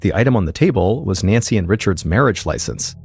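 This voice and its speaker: Male podcast host, lowish voice, measured suspense narration. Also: expressive, a little mellow, soft background music. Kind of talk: scripted true-crime narration.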